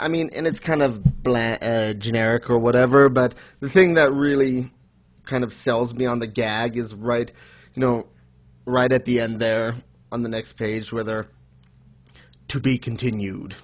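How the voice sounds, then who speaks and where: Blunt, sarcastic man chatting casually. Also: medium pitch. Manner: blunt, sarcastic, swears freely. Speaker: podcast co-host reviewing manga. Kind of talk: casual chat.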